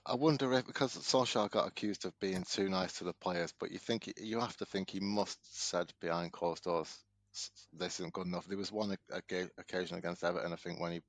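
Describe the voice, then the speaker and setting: Deep-voiced man musing on a podcast. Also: no echo. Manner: musing, rambling questions. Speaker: podcast co-host. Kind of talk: casual chat.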